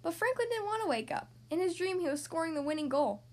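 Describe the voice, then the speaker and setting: High-voiced woman reading a children's story. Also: fast. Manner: gentle, expressive. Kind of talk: children's storybook read-aloud.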